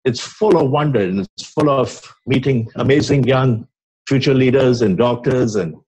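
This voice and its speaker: An older man with an Indian English accent speaks to a lecture hall, his voice a little husky. He tells stories, dropping low and quiet on the punchlines of the quotes he recites. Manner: storytelling, quotes with soft dramatic drops. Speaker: physician giving grand rounds talk.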